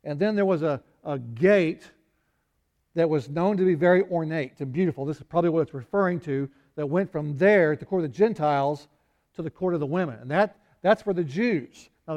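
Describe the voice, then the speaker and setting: A man's voice: on the high side, expressive, brisk, darkish tone, muffled recording. A man preaching a conversational Bible sermon, acting out quoted lines with small laughs and sighs. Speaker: pastor.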